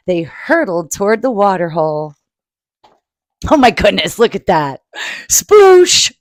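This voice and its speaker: A woman's voice: medium pitch, big pitch swings, dry recording. A woman reading a picture book aloud to children and adding her own asides. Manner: slow, adds asides for children.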